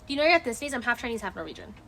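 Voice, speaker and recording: A woman's voice: fairly high pitch, sing-song, racing, gravelly, a bit bright, faint music behind. Rambling, emotive woman streamer outdoors. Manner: rambling, emotive, swears freely. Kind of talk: casual chat. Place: outdoors at night. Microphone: phone camera.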